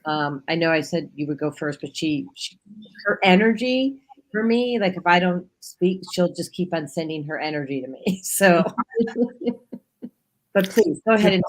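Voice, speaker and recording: Woman host, husky lowish voice, emotional spiritual chat. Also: measured pace, rough recording. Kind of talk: casual chat.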